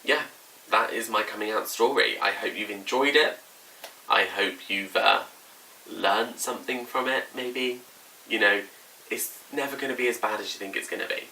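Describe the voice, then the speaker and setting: This young man talks at a normal speed in a gravelly, sharp voice on the low side, telling a personal story to camera as a vlogger. He's casual and chatty, full of "like" and acted-out quotes, recorded on a slightly distant mic with faint room noise.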